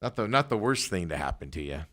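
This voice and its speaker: A man's voice: sits low, very animated, quick pace, fairly bright tone. A man hosting a casual sports talk show, rambling and trailing off as he talks. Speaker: podcast host.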